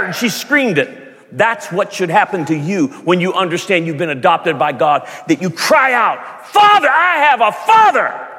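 A man preaching a sermon, telling a story softly and then building to shouted, passionate peaks. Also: fairly high pitch. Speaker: pastor. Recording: long reverb of a large hall.

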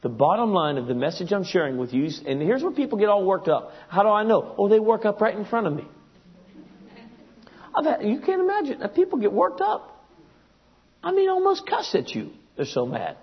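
A male pastor preaching a sermon, swinging from loud exclamations to hushed asides and acting out the voices of others. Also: high voice, very animated, normal speed, slightly rough. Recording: dull lo-fi recording.

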